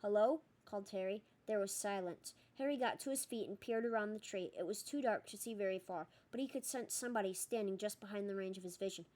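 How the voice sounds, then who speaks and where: A woman reading a novel aloud as narrator, steady and expressive with small slips. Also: medium pitch, quick pace, few pauses. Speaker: audiobook reader.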